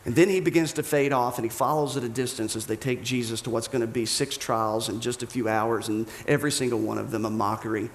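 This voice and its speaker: Animated man preaching in an echoey room. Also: medium pitch, fast, few pauses, slight background noise. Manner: animated storytelling, acting out voices of the characters. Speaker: pastor. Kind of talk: sermon. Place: church auditorium.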